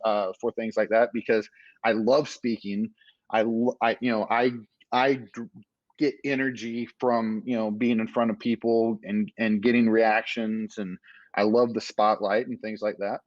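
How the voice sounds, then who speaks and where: Low-voiced man rambling through a story. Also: flat delivery, measured pace, dry recording, dull audio. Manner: rambling, filler-heavy storytelling. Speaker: podcast guest, business owner. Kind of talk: casual storytelling interview.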